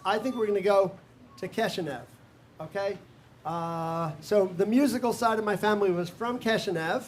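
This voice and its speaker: An older man with a high-pitched voice and darkish tone leads a live music workshop. He talks casually, sings melodies in nonsense syllables, counts the players in, and laughs often.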